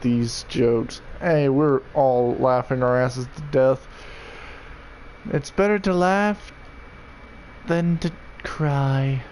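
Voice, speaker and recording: A young man chatting casually with friends, reacting with slow, rambling, hesitant remarks. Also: medium pitch, darkish tone, a little hiss or hum, low-quality recording. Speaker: gamer in a friends' voice chat. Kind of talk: casual chat.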